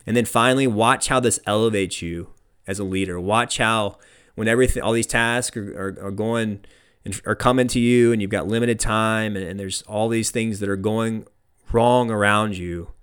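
A man's voice: lowish voice, fairly even intonation, moderate pace, fairly bright tone, smooth. A young man giving an earnest motivational talk on leadership, often repeating phrases for emphasis. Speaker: leadership speaker.

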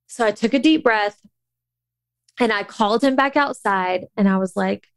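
A woman's voice: fairly high pitch, normal speed, clean tone, no room sound. A woman in her thirties telling a personal story in a candid, emotional way, full of fillers and restarts. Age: 30s.

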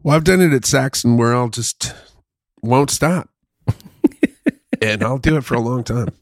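A podcast co-host with a mid-range voice speaks a little slowly, captured in a dry, clean studio recording. He jokes through a casual chat, slipping into comic bits that he repeats.

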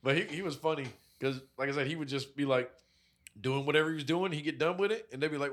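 A young man in casual chat, telling rough, profane stories about old jobs and acting out what people said. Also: fairly high pitch, very fast. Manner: profane, animated storyteller acting out quotes.

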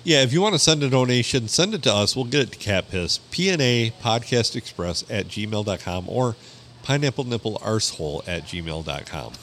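A man's voice: mid-range voice, animated, normal speed, a bit bright, slight background noise. A man co-hosting a podcast in a dry, laid-back chatty manner. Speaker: podcast co-host. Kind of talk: casual banter.

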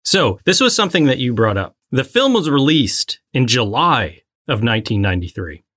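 A woman's voice: a bass voice, sing-song, moderate pace, fairly bright tone. A woman co-hosting a casual movie podcast, playful and giggly as she runs through the cast and facts. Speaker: podcast co-host.

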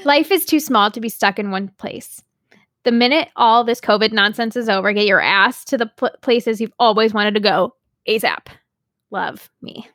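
A young adult woman from the United States co-hosting a podcast, chatting in a rambling way with many pauses and fillers. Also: a little high, a bit bright, no echo, studio quality. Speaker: podcast co-host. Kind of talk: casual chat.

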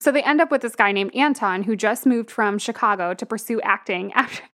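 A woman's voice: mid-range voice, a little fast, a bit bright. A young woman co-hosting a podcast, casually recapping a film plot and laughing often as she talks. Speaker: podcast co-host. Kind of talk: casual movie review chat.

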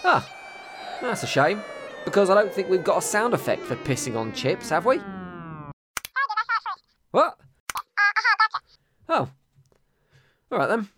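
Animated, sarcastic male podcast host. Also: sits high, unhurried, pauses often, faint music behind. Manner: sarcastic, mock-exasperated. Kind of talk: comedic podcast banter.

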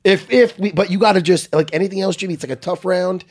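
A middle-aged man telling a story in casual chat, animated and profane, with a husky voice. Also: high voice, fast talker.

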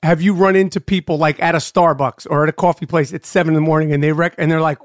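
A man's voice: on the high side, fairly even intonation, fast talker, no room sound, studio quality. A man hosting a casual interview, asking long rambling questions full of filler words and swearing. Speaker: podcast host.

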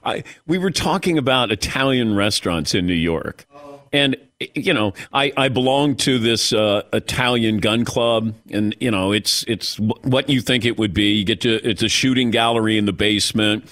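A man's voice: lowish voice, moderate pace, no echo, clean studio sound. A man hosting a sports talk show, chatting casually with his crew and joking around. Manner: animated, joking, drops into mock Italian voices. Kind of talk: casual sports radio banter.

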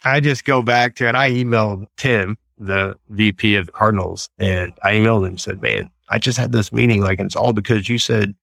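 Creaky and on the low side, his voice moves a little fast with few pauses. He's a middle-aged Texas man telling stories in an interview, earnest and animated, and the recording has no room sound.

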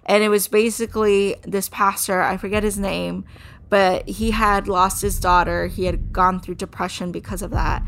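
Woman, personal testimony, halting soft delivery full of fillers, mid-pitched voice. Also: steady tone. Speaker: guest telling her own story.

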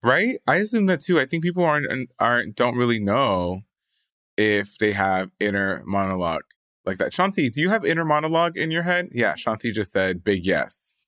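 A man's voice: mid-range voice, big pitch swings, moderate pace, fairly bright tone, dry recording, clean studio sound. A man co-hosting a podcast in casual chat, playful, acting out little scenes with sound effects. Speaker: podcast co-host.

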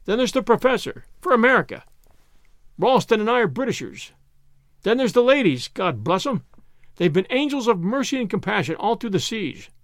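A man voicing an excited, talkative British gentleman who proposes toasts in a hearty, rambling way. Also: high-pitched, moderate pace, no room sound, clean studio sound.

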